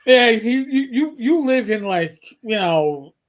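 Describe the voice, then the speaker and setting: A man's voice: very high-pitched, sing-song, slow pace, crowd noise. A man from New York City in his forties, co-hosting a casual chat and often repeating words as he starts sentences. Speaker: podcast co-host.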